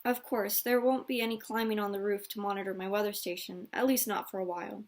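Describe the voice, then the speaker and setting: A woman voicing a bright, bookish young girl in a storybook read-aloud, speaking gently and thoughtfully. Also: medium pitch, steady tone, fast talker, natural voice. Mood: gentle.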